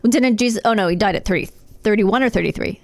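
A woman's voice: medium pitch, fast talker, no room sound. Giggly woman podcast host, dry sound. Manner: giggly, animated storyteller. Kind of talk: casual chat.

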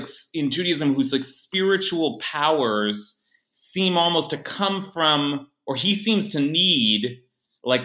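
A man's voice: on the high side, a bit bright, reverberant. A man co-hosting a casual podcast chat, rambling and hesitant, full of fillers and restarts. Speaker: podcast co-host.

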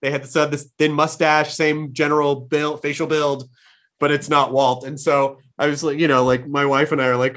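Enthusiastic rambling man, a touch high. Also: level tone, moderate pace, fairly bright tone. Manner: enthusiastic, rambling, frequent restarts. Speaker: podcast host. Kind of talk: casual interview chat.

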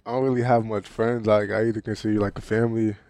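A young man, a college basketball player, answering interview questions casually and softly, filling his sentences with "you know". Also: lowish voice, little pitch movement, quick pace, no room sound. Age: young adult. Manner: soft-spoken, heavy on "you know" fillers.

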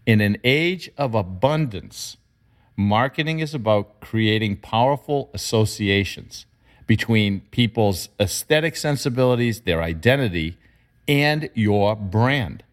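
A man discussing marketing in an emphatic, animated way, his pitch jumping up when he makes a point. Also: a little slow. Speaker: marketing commentator. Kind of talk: conversational discussion.

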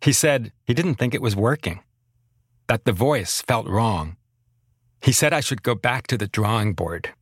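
A man narrating his own memoir as a podcast host, reflective and measured. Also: lowish voice, expressive, breathy edge, no echo, studio quality.

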